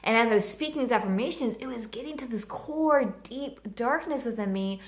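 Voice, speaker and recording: A woman's voice: fairly high pitch, normal speed, roomy sound. A woman in her thirties telling a personal story in a vlog, earnest and heartfelt, with lots of "like". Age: 30s. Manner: earnest and heartfelt, many fillers of "like". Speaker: vlogger.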